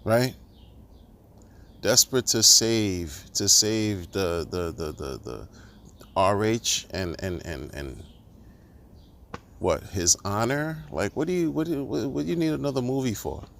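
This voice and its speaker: A man's voice: fairly low pitch, animated, unhurried, gravelly, pauses often, a bit bright, slight background noise. A man ranting in a monologue, exasperated and sarcastic, firing off rhetorical questions and restarting his sentences. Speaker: crypto commentator.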